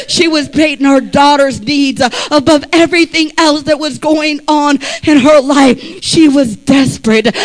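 Fervent high-voiced male preacher. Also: low-quality recording. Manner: fervent, with swings between soft speech and shouted climaxes. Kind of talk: sermon.

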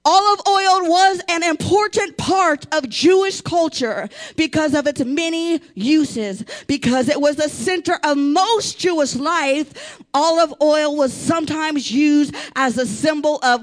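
A woman preacher delivering an impassioned sermon, rising into shouts and urging the congregation to respond. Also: high voice, slow.

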